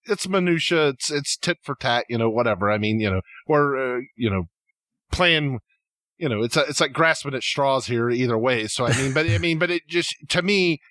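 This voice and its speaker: A man co-hosting a podcast in casual conversation, working through a theory with halting phrases and frequent restarts. His voice sits at an ordinary middle pitch. The recording is dry and close. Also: lively intonation, fairly bright tone, no echo. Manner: halting, many restarts, speaks in tangents. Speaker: podcast co-host. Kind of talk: casual fan speculation chat.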